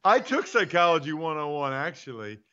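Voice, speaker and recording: High, bright-voiced man teasing. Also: sing-song, a little fast, clear, resonant tone. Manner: teasing, mocking. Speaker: co-host. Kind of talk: casual sports-betting show banter. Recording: dull lo-fi audio.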